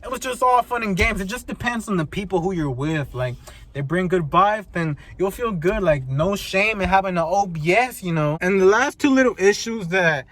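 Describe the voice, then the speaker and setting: A young man vlogging from his truck in an animated, slangy rant, swearing often and mimicking the people he complains about. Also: high voice, normal speed, no room sound. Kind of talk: casual vlog chat.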